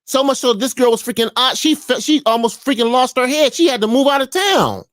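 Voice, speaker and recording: A commentary vlogger ranting with a lively voice that swings up and down, preaching and mocking by turns. The sound is dry and close to the mic. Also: high-pitched, brisk, no room sound. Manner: animated, preachy, mocking, jumps between voices.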